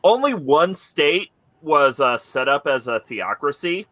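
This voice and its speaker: A man talks slowly in a bright, tense voice with eager, halting starts. The sound is dry and close, with no room echo. He is a co-host in casual podcast chat. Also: a little high, very animated.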